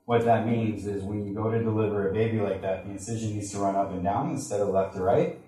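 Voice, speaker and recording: A man sharing a personal testimony with a live audience, speaking in an earnest, halting way and acting out the voices of the people in his story. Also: lowish voice, fairly even intonation, warm tone. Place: large echoey room with an audience. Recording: echoey hall from far off.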